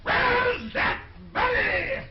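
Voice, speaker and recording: An actor playing a quick-tempered middle-aged king who bursts into shouts, on a muffled old film soundtrack with hiss. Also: mid-range voice, sing-song. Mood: blustering. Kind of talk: 1930s film acting.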